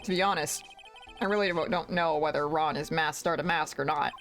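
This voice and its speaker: A woman's voice: sits low, brisk, fairly bright tone, soft background music, voice pushed down. A woman voicing an earnest young male defense lawyer in her plain, thoughtful reading voice.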